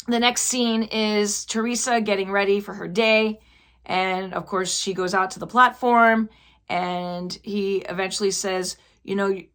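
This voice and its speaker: A woman chatting casually as she recaps a TV finale, slipping into quick quoted lines as she retells the scenes. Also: medium pitch, a bit bright. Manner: chatty, acts out quotes in passing. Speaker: TV recap vlogger.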